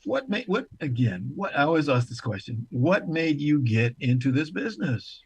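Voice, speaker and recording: A man's voice: a little high, sing-song, moderate pace, slightly rough. An older man hosting a talk show, with a showman-like announcer delivery and playful asides to his guests. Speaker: host.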